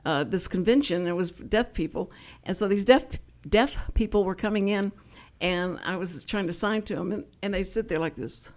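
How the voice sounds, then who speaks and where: A woman's voice: mid-range voice, normal speed, a little mellow. A woman with a Texan accent hosting a radio show, chatting and rambling into stories at a studio mic. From Texas. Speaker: radio host. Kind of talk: casual on-air chat.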